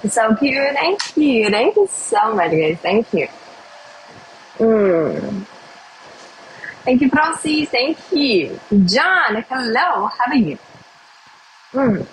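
A young woman from Russia with a Russian accent, chatting casually with viewers on a phone livestream in halting, simple English. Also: a little high, big pitch swings, slight background noise, rough recording. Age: young adult. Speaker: livestream host.

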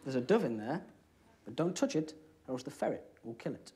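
Young British comedy magician, lively patter. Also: male voice, mid-range voice, fairly quick. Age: young adult. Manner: deadpan one-liners, chatty patter. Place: TV studio with live audience. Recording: studio audience noise behind.

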